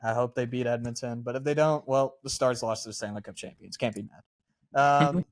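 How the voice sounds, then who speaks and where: A man's voice: medium pitch, fairly even intonation, moderate pace. A man with a Southern US accent hosting a casual sports podcast, talking emphatically and rambling a little. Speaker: podcast host.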